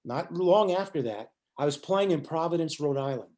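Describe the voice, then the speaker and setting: A man's voice: fairly high pitch, normal speed. An older man, a musician guest in an interview, telling a story and acting out the lines of the people in it. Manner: animated storyteller acting out quotes.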